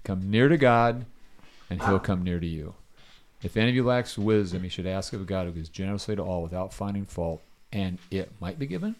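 A man's voice: low-pitched, fairly even intonation, brisk. A middle-aged man leading a casual Bible study, telling a story and asking his listeners questions.

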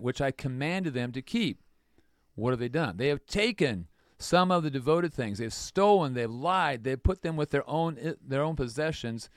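A man's voice: mid-range voice, fairly bright tone, dry recording, clean studio sound. A man leading a casual Bible study, retelling the story with jokes and asides to his group.

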